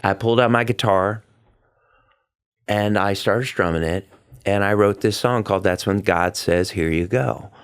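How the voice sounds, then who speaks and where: Middle-aged male stage performer, interview guest; heartfelt, animated storyteller who acts out quotes. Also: lowish voice, unhurried, clear, resonant tone. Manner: excitable, acts out quotes with big vocal swings; earnest and heartfelt.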